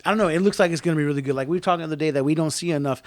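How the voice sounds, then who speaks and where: A man's voice: a little high, very fast. A young man co-hosting a podcast, talking about films in a laid-back way and tagging sentences with "man" and "dude". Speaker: podcast co-host. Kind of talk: casual movie chat.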